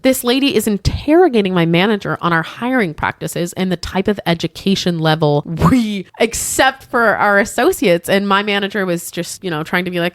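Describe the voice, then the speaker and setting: A woman's voice: mid-range voice, moderate pace, hardly any pauses, no room sound. Woman, podcast co-host, casual storytelling, acts out the people she quotes, dry close sound. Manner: animated retelling, acting out quoted guests and staff. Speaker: hotel front desk supervisor.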